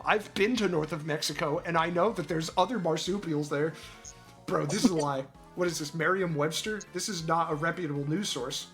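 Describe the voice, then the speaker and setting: A streamer reading an article aloud in casual chat, ranting in disbelief with sudden shouts and crude, mocking banter. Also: medium pitch, moderate pace, faint music behind.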